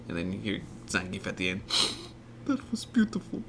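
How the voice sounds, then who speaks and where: Man co-host, casual movie chat, swears freely, lively swings in pitch, faint noise in the background. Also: normal speed.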